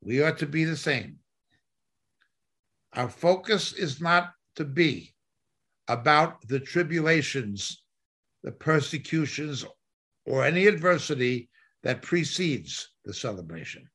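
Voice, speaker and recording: A man's voice: fairly high pitch, expressive, slow, long pauses, fairly bright tone. A man preaching a Bible study sermon, driving his points home with emphatic repetition. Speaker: Bible teacher. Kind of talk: sermon teaching.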